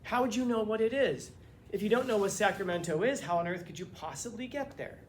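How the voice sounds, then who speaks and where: A man's voice: high-pitched, fairly quick, slight background noise. Man teaching with rhetorical questions. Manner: rhetorical questions, animated and conversational. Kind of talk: classroom philosophy lecture. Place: classroom.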